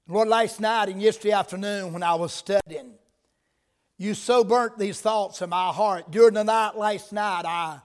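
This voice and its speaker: High-voiced preacher in a reverberant church. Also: male voice. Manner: builds from quiet prayer to loud emphatic preaching. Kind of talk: sermon. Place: church sanctuary. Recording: long reverb of a church hall.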